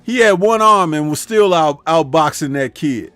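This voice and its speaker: Male stream host, voice a touch high, dry close sound, jokey and conversational, reads out and answers chat. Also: expressive, moderate pace, fairly bright tone, no room sound, faint music behind. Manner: laughs at his own jokes, keeps tagging remarks with "huh?"; reads viewer chat aloud and talks back to it. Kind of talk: casual live-stream commentary.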